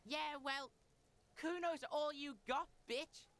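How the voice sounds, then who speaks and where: A woman's voice: high-pitched, takes it slowly, a bit bright, dry recording, full character voice. A brash foul-mouthed street boy. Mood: defiant. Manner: brash, swearing, speaks of self in third person.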